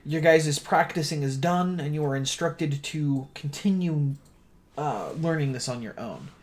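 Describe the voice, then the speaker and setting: A game master narrating a tabletop role-playing session in a relaxed, easygoing way with frequent fillers. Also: mid-range voice, measured pace.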